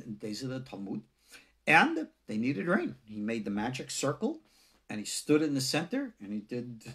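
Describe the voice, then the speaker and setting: Rabbi guy giving a bible class, super lively voice that jumps up and down, acts out the quotes. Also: husky. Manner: animated, rhetorical, acts out quotes with swings in pitch. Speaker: rabbi teaching a lesson. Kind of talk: conversational religious lecture.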